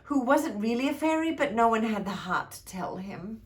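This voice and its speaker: A woman at a childcare centre reading a funny picture book aloud to children, expressive and playful. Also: fairly high pitch, moderate pace. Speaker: childcare storyteller.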